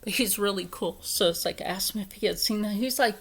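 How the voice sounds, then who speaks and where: A woman's voice: mid-range voice, a little fast, few pauses. A young woman with a Philadelphia accent ranting to camera, profane, indignant and emphatic. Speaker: vlogger. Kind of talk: angry rant to camera.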